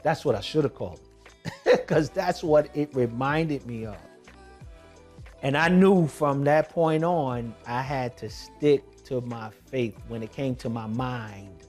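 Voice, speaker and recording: A man telling a personal testimony in a vlog, moving from hushed tones to emphatic shouting. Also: medium pitch, a little slow, faint music behind. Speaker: documentary vlogger.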